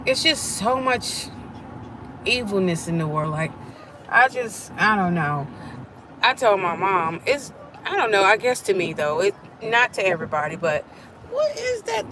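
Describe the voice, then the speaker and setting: A middle-aged woman talks with her live-stream viewers, animated as she performs the quoted voices in her story. She speaks in a mid-range voice, with a slight hiss or hum audible.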